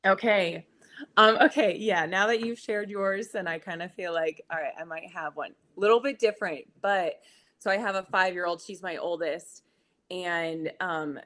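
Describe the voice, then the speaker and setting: A woman's voice: lowish voice, normal speed, fairly bright tone. A woman from Colorado, a guest on a podcast, chatting casually and thinking aloud with a hesitant "um" and "okay.". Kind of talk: casual interview chat.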